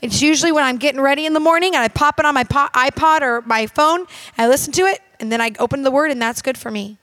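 A woman's voice: high-pitched, fast, fairly bright tone, no echo. A woman minister preaching a sermon in an emphatic, direct and conversational way, talking straight to her audience.

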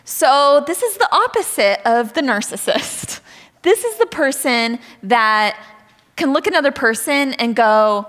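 A woman giving a sermon-style talk, telling animated stories, laughing often and acting out voices. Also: high voice, measured pace, long reverb tail, poor audio. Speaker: speaker.

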